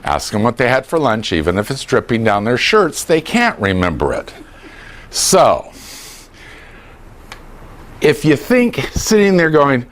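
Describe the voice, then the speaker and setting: A man's voice: mid-range voice, slow pace, pauses often. An older man giving a humorous talk on dementia care to a class, joking and acting out voices of family members. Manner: animated, jokey, acts out voices.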